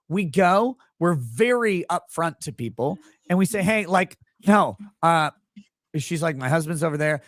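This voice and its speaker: A middle-aged male host tells a rowdy story in casual, profane chat, breaking into laughter now and then. His voice sits a bit high and swings widely in pitch. The sound is close and dry, with no room echo. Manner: animated, swearing, quick bursts, laughs while telling. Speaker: show host.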